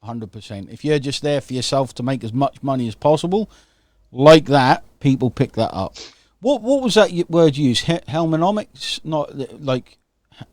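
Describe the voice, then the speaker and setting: A man's voice: medium pitch, expressive, moderate pace, a little mellow, dry recording, studio quality. A man hosting an online interview, talking casually and enthusiastically, often checking in with "okay?". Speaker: host.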